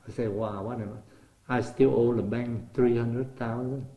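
A man's voice: mid-range voice, dull audio. Older Vietnamese-accented man telling stories. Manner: animated, acts out remembered dialogue, repeats words while searching. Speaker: interviewee. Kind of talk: storytelling in conversation. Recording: roomy echo.

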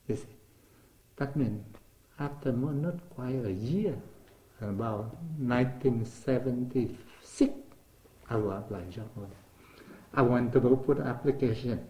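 An older man recounts his working life in an interview. His English is non-native, with simple grammar, and the delivery is lively. The voice is mellow and the room is echoey. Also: medium pitch, measured pace. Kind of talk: oral history storytelling.

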